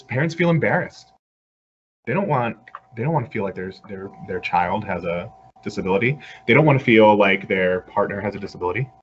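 Earnest man lecturing over a video call. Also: mid-range voice. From Puerto Rico. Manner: earnest, conversational, lively with frequent fillers. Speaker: guest lecturer. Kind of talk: online lecture and Q&A. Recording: slightly dull video-call audio with faint background noise.

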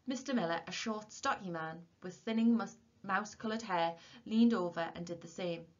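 A woman's voice: mid-range voice, normal speed. Woman teacher reading aloud. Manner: steady, expressive storytelling. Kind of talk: reading a novel aloud to a class. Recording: dull lo-fi recording.

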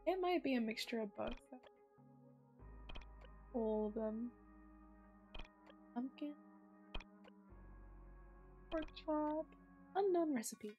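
A young woman streamer with a hoarse, sick voice, chatting casually and swearing as she plays. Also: high voice, lively intonation, slow, pauses often, dark tone, faint music behind. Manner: chatty, swears freely, thinks aloud. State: hoarse from sickness and morning voice. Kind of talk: casual gameplay commentary.

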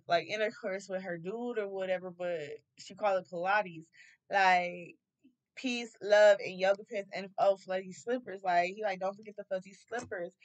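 A woman's voice: mid-range voice, dull audio. A young woman doing a casual tarot reading, loose and profane, laughing often. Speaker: tarot reader.

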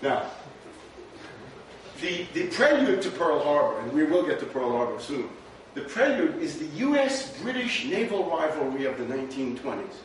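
A man's voice: on the high side, sing-song, normal speed. A man giving a history lecture in a rhetorical, conversational way, often checking in with "right?". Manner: rhetorical, frequent "right?" asides. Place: lecture room. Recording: very echoey room, distant mic, faint noise.

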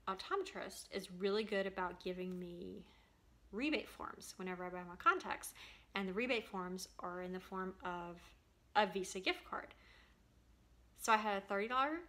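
Bright, chatty woman vlogger. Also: medium pitch. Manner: chatty, enthusiastic, frequent ums. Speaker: cross-stitch vlogger. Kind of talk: casual show-and-tell chat.

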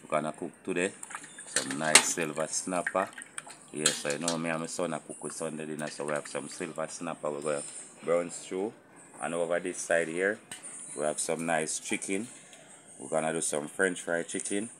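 Very deep-voiced Jamaican man cooking outdoors. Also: normal speed, noisy background. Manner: relaxed patois-flavoured talk to viewers. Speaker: cooking channel host. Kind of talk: casual cooking vlog. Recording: sizzling pots and clatter behind. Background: frying sizzle and pot clatter.

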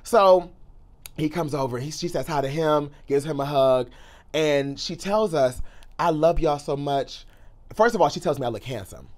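A young man telling an excited storytime in a sassy, theatrical way, swinging between loud outbursts and hushed asides. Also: on the high side, normal speed. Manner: sassy, calls the listener girl and honey. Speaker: pop culture commentator and YouTuber.

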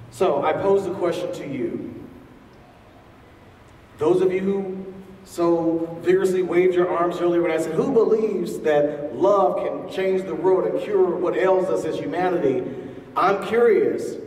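A man's voice: a little high, darkish tone. A man giving a public talk to a live audience, asking the crowd questions as he speaks. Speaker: featured speaker. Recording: echoey hall from far off.

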